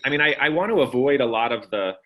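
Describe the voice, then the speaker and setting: A man's voice: medium pitch, lively intonation, pushed and bright. Thoughtful male anthropologist guest. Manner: measured, thoughtful explaining. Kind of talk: conversational interview.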